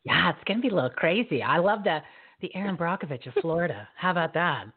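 A woman's voice: fairly low pitch, animated, fast, breathy edge. A woman hosting a live talk show, enthusiastic and hyping her guests. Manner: enthusiastic, hypes guests, laughs often. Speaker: host. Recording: tinny phone-like line.

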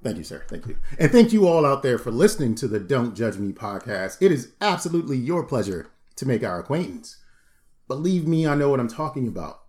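A man's voice: medium pitch, sing-song, brisk, darkish tone. A man in his forties co-hosting a podcast, joking and rambling in a playful, casual way. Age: 40s. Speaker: podcast co-host.

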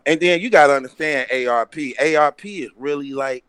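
A man co-hosting a casual podcast chat, animated and laughing as he acts out what others said. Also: on the high side, a little fast, clear, resonant tone, dry recording. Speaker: podcast co-host.

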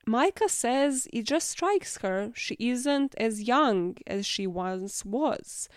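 A woman's voice: fairly high pitch, smooth, no echo, clean studio sound. Sarcastic woman recapping a film. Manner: sarcastic, swears freely.

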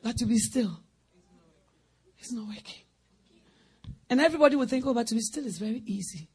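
High-voiced woman preaching dramatically. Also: very animated, moderate pace, pauses often, breathy edge. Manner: dramatic, acts out scenes, swings from shouts to hushed whispers; laughs often while preaching. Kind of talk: sermon.

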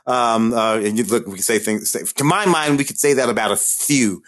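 A man co-hosting a casual film discussion, rambling with halting restarts. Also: mid-range voice, a bit bright. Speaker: podcast co-host.

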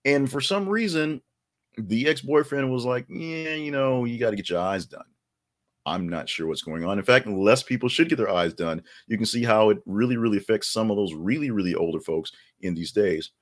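A man's voice: fairly low pitch, animated, a little fast. A man hosting a daily news podcast, giving casual commentary with many fillers and joking asides.

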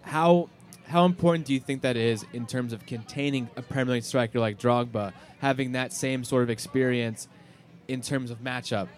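A man's voice: medium pitch, normal speed. A man co-hosting a live pregame soccer show at a stadium. He talks in a joking, teasing way. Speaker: podcast co-host. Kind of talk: casual chat. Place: outdoors at a stadium.

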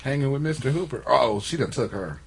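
A man's voice: mid-range voice, animated, fast talker, vocal fry, a crowd in the background. A man co-hosting a casual podcast, laughing a lot and stumbling over names as he reads them out. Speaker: podcast co-host. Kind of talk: casual banter.

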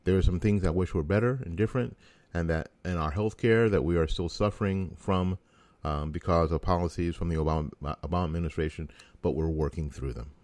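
A man's voice: deep voice, a little fast, hardly any pauses, darkish tone, dry recording. A middle-aged American man giving a folksy, sarcastic opinion monologue as a talk show host.

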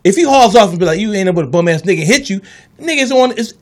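Man, radio co-host, high voice, rapid speech, pushy debating, AAVE. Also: animated. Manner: fast, insistent, talks over others. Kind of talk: heated casual debate.

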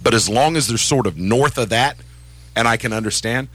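A man co-hosting a sports radio show, chatting casually in an animated, self-deprecating way. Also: medium pitch, a little fast, no echo.

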